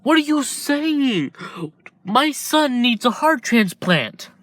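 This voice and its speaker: A distraught mother cries out in a high, frantic voice, as a man puts her on. She sounds desperate and shrill, in a spoken fan story. Bright and strained. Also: huge pitch swings, normal speed, no echo, studio quality, exaggerated voice.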